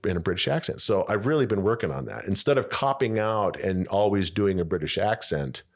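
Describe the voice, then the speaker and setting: A man who is an aspiring voice actor, guesting on a podcast and telling stories in a lively way with many restarts. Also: low voice, brisk. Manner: animated storyteller, many restarts. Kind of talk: casual podcast chat.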